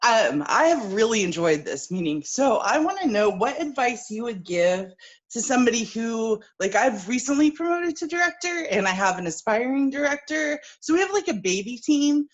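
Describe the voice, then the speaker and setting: A woman's voice: on the high side, very animated, moderate pace, dull audio. A newly promoted woman director asking a hesitant question, full of fillers, on a video call.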